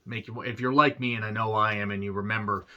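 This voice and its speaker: A man reviews an old film in a loose, rambling way, swearing freely and stopping to clear his throat. His voice is low with a bright, forward edge. The sound is dull and lo-fi. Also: fairly even intonation, fast. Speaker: movie reviewer. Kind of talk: casual spoken film review. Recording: dull lo-fi recording.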